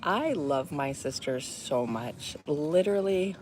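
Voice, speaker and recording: A woman's voice: deep voice, lively intonation, slow pace. A woman in her fifties telling a rambling, chatty story to her viewers, with lots of fillers. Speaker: vlogger. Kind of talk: casual chat to viewers. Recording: loud cricket noise behind voice. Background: crickets and insects chirping.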